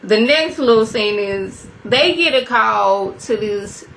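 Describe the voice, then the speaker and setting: A woman's voice: slow, gravelly, a little hiss or hum. Chatty woman recapping a TV episode. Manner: animated storyteller, acts out quotes in a high voice; chatty, talks straight to viewers. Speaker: TV review vlogger.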